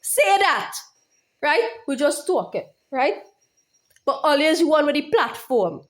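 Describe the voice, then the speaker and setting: A woman's voice: high voice, big pitch swings, unhurried. A woman YouTuber speaking in an impassioned monologue, heated and profane, repeating her phrases over and over.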